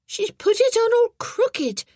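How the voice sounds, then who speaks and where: A woman voicing a small, stubborn young boy who turns remorseful, with a high, eager and insistent manner in an audiobook. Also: very animated, takes it slowly, darkish tone, no echo, clean studio sound, exaggerated voice. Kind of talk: audiobook character voice.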